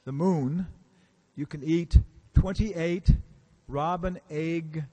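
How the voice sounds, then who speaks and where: A man's voice: on the high side, steady tone, slow, dark tone. A man giving a casual, storytelling lecture in a temple hall, acting out the characters he quotes and asking the audience questions. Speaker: visiting lecturer.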